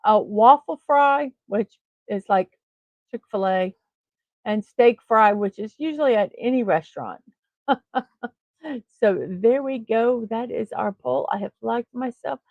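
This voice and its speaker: Chatty woman host with a gravelly voice. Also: on the high side, animated, measured pace, no echo. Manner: chatty, scattered, talks herself through tasks. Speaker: host of a daily morning livestream. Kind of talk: casual livestream chat. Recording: tinny phone-like sound, dry.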